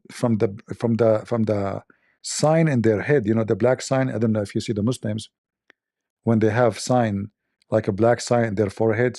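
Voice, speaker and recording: Sarcastic gravelly man. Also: mid-range voice, mellow, no echo, clean studio sound. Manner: sarcastic, laughs at own jokes, repeats phrases. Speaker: show host. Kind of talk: mocking religious debate commentary.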